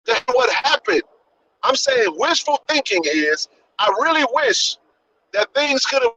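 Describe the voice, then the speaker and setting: A man hosting a podcast live stream, his voice pushed very high and sharp-edged as he rants with a preacher's repetition and plenty of swearing. The audio is dull and lo-fi, with faint background noise. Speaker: podcast host. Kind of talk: impassioned live-stream rant.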